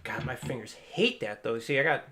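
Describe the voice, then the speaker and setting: A man's voice: medium pitch, sing-song, moderate pace. Casual man chatting over guitar playing. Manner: loose and rambling, swears casually, demonstrates on guitar. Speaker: guitar teacher and stream host. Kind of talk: casual live-stream reaction chat. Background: electric guitar playing.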